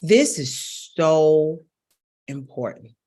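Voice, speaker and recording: A middle-aged woman coaching her viewers on their voices. She talks in a lowish register, emphatic and coaxing, and leans on repeated phrases to drive a point home. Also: lively intonation, extremely slow, mellow. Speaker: vocal coach. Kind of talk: instructional talk to camera.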